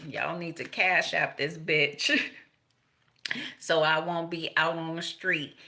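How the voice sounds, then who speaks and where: Older woman, tarot reader, bright voice, rambling and profane, frequent laughs. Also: deep voice, fairly even intonation, slow pace, a little hiss or hum. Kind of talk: casual spiritual reading.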